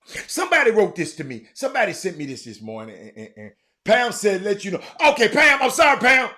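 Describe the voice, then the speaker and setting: Excitable middle-aged man, rambling talk. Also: sits high, brisk. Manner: animated, repetitive, excitable with many fillers. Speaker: show host. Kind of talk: casual rambling talk to viewers.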